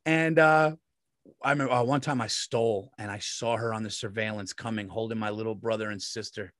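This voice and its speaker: A man's voice: lowish voice, steady tone, a little fast, a bit bright, dry recording, studio quality. A man in his forties telling rambling, profane stories as a comedian co-host in casual podcast chat. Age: 40s.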